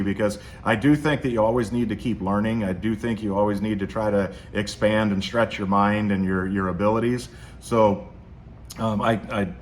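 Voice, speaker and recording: A man's voice: on the low side, a little hiss or hum. A man hosting a casual motivational monologue, rambling with frequent restarts. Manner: rambling, with many restarts and fillers. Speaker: host.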